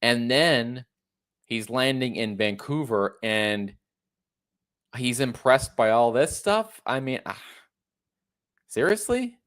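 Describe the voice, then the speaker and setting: A man's voice: mid-range voice, animated, slow, long pauses, fairly bright tone, clear, resonant tone. A man in his thirties hosting a casual commentary, reacting to a video in a sarcastic, incredulous tone. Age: 30s. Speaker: host.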